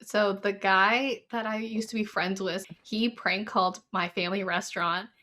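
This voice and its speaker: A woman's voice: mid-range voice, normal speed. Young Canadian woman telling stories. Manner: animated storyteller, acts out customers. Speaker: podcast co-host. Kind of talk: casual chat.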